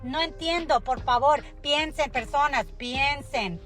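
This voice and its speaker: Exasperated high-voiced woman ranting. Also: unhurried, music in the background. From United States. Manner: profane, exasperated, repeats "okay?". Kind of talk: angry social media rant.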